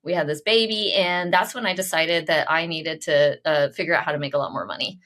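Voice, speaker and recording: A woman's voice: low voice, fairly quick. Effusive woman podcast host in her 40s. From Oklahoma. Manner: animated, effusive, laughs often. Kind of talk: casual interview chat.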